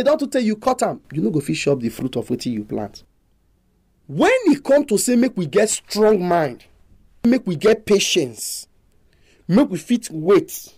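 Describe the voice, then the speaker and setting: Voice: medium pitch, dark tone. A preacher with a Nigerian accent giving a sermon in an emphatic, repetitive, exhorting way.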